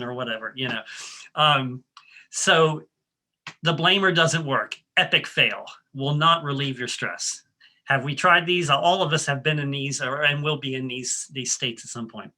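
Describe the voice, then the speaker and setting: A man's voice: medium pitch, measured pace, bright, forceful tone. A man presenting a workshop, guiding the audience through breathing steps in a friendly, coaching way with frequent ums and restarts. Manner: coaching, leads the audience step by step. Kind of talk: guided breathing exercise and talk.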